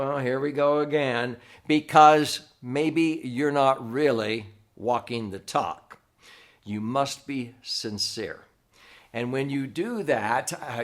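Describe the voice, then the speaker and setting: A male host giving a conversational teaching monologue, often checking in with "okay?". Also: fairly high pitch. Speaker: host, financial educator.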